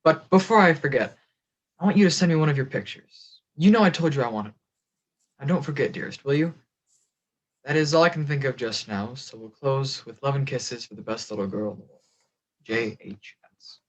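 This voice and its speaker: A man's voice: medium pitch, brisk, close to an everyday voice. A man reading as a homesick young soldier. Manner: plain, earnest, a little wounded. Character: young 1918 soldier, shy, earnest, homesick. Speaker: reader of historical letters. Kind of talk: dramatic letter reading. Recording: dull lo-fi recording.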